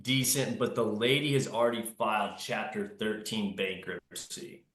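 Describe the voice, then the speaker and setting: A man's voice: lowish voice, moderate pace, a bit bright. A man in a casual chat, easygoing and affirming, thinking his ideas through aloud. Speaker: guest, real estate investor. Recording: echoey room.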